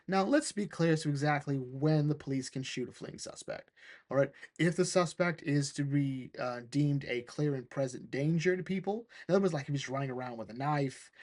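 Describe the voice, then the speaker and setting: A man with a slightly raised pitch talks through a comic book story in a loose, conversational way. He is animated and laughs easily, breaking into quick impressions of the characters as he recaps the plot. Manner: animated, laughs often, acts out characters' lines.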